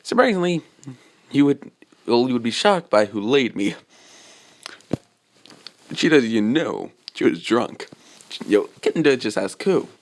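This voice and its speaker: Guy rambling thru a fan story, lots of um and you know, mid pitch. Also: sing-song, measured pace, pauses often. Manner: rambling, full of fillers and asides. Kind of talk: improvised fan-fiction narration.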